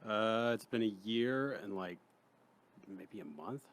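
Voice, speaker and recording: A man's voice: fairly low pitch, takes it slowly. Laid-back young man, comedian guest. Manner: laid-back, hesitant, casual swearing. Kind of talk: casual podcast interview. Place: podcast studio.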